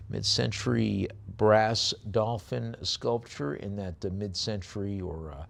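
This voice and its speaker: A man working as an auctioneer. He describes each lot slowly, with many fillers, then chants the bids in quick runs. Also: fairly low pitch, steady tone, creaky. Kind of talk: live auction bid calling.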